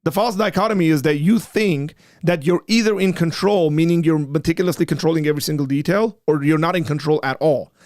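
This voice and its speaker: A man's voice: fairly high pitch, a little fast, hardly any pauses, a little mellow, no room sound, clean studio sound. A man hosting a discussion show, explaining patiently and turning blunt and emphatic when he rebuts an argument. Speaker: apologetics show host. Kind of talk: livestream discussion.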